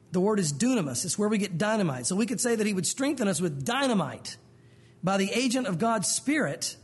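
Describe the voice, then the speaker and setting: A pastor delivers a conversational sermon, slipping into quoted voices along the way. His voice sits fairly high for a man and moves fast. The tone is husky. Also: darkish tone.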